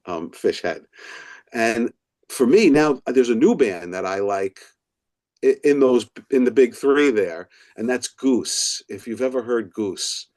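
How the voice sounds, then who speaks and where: A middle-aged man, an author and professor, telling stories in a casual interview and acting out the voices of people he quotes. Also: mid-range voice. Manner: animated storyteller who acts out quoted voices. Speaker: author and professor, podcast guest.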